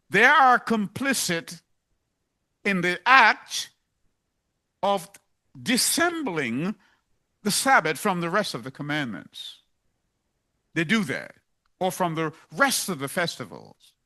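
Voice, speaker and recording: A man's voice: high voice, pushed and bright. A man preaching a sermon, emphatic and driving points home by repeating them.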